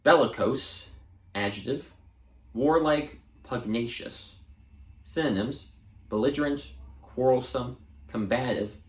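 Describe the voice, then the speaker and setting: Guy slowly reading out dictionary words, mid-pitch voice, bit of room echo. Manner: measured, deliberate, with occasional restarts. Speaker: audiobook reader. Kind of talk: reading dictionary entries aloud.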